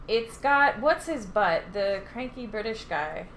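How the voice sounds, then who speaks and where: Lively giggly young woman podcaster. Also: mid-range voice, measured pace, slight background noise. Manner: chatty, swearing, giggly, lots of fillers. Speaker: podcast co-host. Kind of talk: casual chat.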